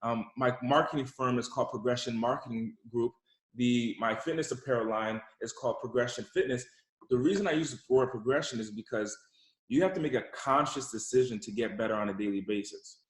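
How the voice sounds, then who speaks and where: Young male entrepreneur, motivational interview guest, emphatic, mid-pitched, roomy echo. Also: fairly quick. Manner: emphatic, repeats words as he builds a point.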